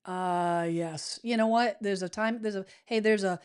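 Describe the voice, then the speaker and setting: A woman's voice: mid-range voice, a little slow, clean tone. Middle-aged American woman, casual livestream host, rambling and chatty, reads comments aloud. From United States. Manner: chatty and rambling, many fillers and restarts. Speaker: real estate show host. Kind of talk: casual livestream chat reading viewer comments.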